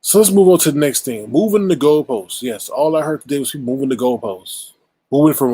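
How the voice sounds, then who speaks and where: Husky-voiced man ranting bluntly. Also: fairly high pitch, animated, a little fast, mellow, dry recording, low-quality recording. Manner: blunt, exasperated, rhetorical, profane. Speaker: commentary channel host. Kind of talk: casual ranting commentary.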